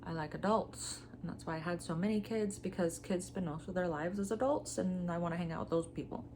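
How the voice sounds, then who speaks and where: A woman in her forties talks casually to her vlog audience with a somewhat low pitch and a nasal, blocked-up sound. Her humor is dry and deadpan. Faint room ambience sits under her voice. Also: fairly quick, noisy background. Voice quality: stuffy, blocked-nose sound. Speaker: vlogger. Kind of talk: casual chat.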